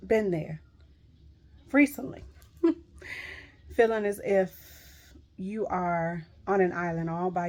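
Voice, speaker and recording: A woman's voice: fairly low pitch, darkish tone. A middle-aged woman giving a heartfelt devotional pep talk to viewers, earnest and emphatic, repeating reassuring phrases. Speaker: Christian encourager speaking to viewers.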